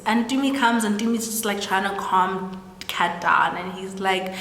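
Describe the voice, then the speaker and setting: A woman's voice: medium pitch, steady tone, a little slow, a bit bright. A South African woman from South Africa casually recapping a story, saying "like" a lot and acting out the characters' lines. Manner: chatty, says "like" often, acts out quoted lines. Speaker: storytelling host. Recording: echoey room with long reverb.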